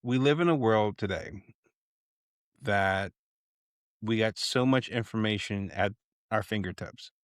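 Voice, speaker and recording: A man's voice: lowish voice, measured pace, pauses often, dry recording, studio quality. Reflective male podcast host. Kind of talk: interview conversation.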